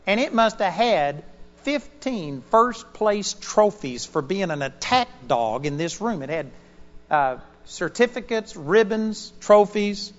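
Animated high-voiced preacher in a hall. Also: male voice, dull audio. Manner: animated storyteller, voice jumping up and down in pitch and loudness. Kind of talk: sermon with personal storytelling.

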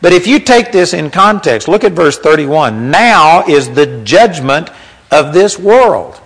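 Guy preaching a sermon, easy conversational teaching tone, reads out bible verses, slightly high voice. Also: fairly bright tone, poor audio.

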